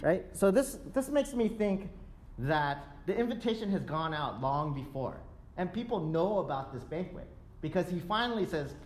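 A man preaching in a casual, conversational way, acting out excuses and checking in with "right?" as he goes. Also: high voice. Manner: lively, acts out excuses in quick asides. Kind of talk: conversational sermon.

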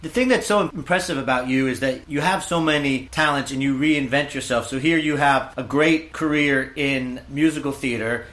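A man's voice: mid-range voice, normal speed, hardly any pauses, a bit bright. A man interviewing a guest, asking conversational questions in an admiring tone. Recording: echoey room.

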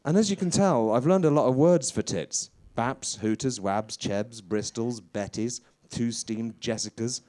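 A man playing a crude, bewildered veteran stand-up comedian in a rambling deadpan confessional monologue. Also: mid-range voice.

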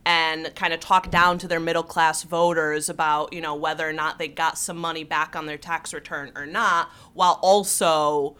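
A woman on a political talk show panel who talks in a lively way, with sarcastic asides. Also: low voice, normal speed, few pauses, clear, resonant tone.

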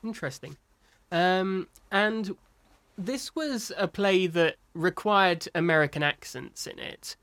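An interviewer puts questions to actors at an even, middle pitch. The speech is measured and slightly hesitant, with small fillers as each question takes shape.

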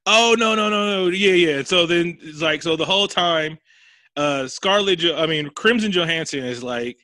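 A man's voice: fairly high pitch, normal speed, bright, forceful tone, dry recording. A man hosting a casual comedy podcast, profanely recapping a movie and acting out the characters' lines.

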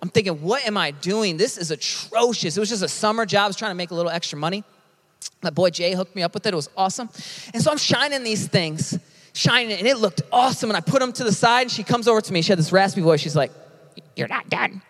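A man preaching a sermon in an emphatic, energetic and casual way. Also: sits high, rapid-fire. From United States. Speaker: pastor. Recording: long reverb of a large hall.

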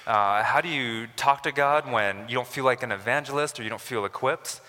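A male pastor preaching in a church hall, his voice bright and forceful with a long reverb trailing behind it. His delivery is conversational, with fillers, and it climbs into emphatic peaks. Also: mid-range voice, a little fast. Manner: conversational, builds to emphatic rises. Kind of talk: sermon.

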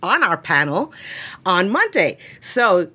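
Chatty woman podcast host, low voice. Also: very animated, slow, sharp tone, husky. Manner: enthusiastic, chatty, laughs easily. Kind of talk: podcast interview conversation. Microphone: headset mic.

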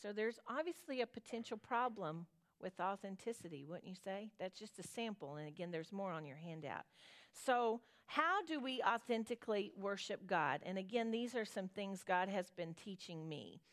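A woman's voice: medium pitch, expressive, moderate pace. Southern woman teaching a Bible study. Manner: reads scripture aloud, then chats with the audience in a homey way.

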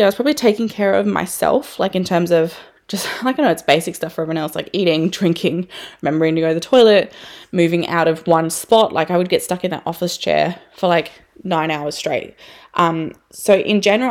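Frank, chatty woman podcaster. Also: on the low side. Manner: frank and chatty, swears freely, many fillers. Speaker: podcast host. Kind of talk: candid personal podcast monologue.

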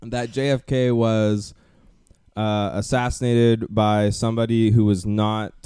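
A man's voice: lowish voice, little pitch movement, a little slow, dark tone, clear, resonant tone, dry recording, studio quality. A young man hosting a podcast, chatting casually and rambling with many fillers and restarts. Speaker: podcast host. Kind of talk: casual chat.

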